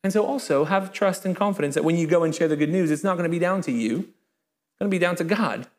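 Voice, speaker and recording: A man with a high, bright voice preaches a sermon to his congregation. He is lively and informal, dropping joking asides between scripture readings. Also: quick pace. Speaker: pastor. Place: church in front of a congregation.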